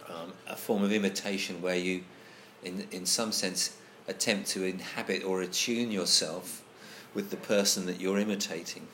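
A man with a lowish voice talks through ideas in a casual group discussion. He is thoughtful and hesitant, circling back and restarting sentences as he goes. A faint hiss sits under his voice. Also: fairly even intonation, moderate pace, hardly any pauses, fairly bright tone.

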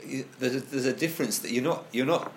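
A man's voice: mid-range voice, fast talker, a little hiss or hum. A man leading a casual group discussion, thoughtful and hesitant, restarting his sentences often.

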